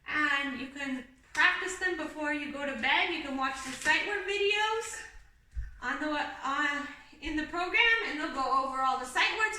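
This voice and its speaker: A young woman with a high, very bright voice leads a kindergarten lesson in a patient, sing-song teacherly way. She sounds set back from the mic, and the room around her rings with strong echo. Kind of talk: video lesson for young children. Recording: echoey room, mic at a distance.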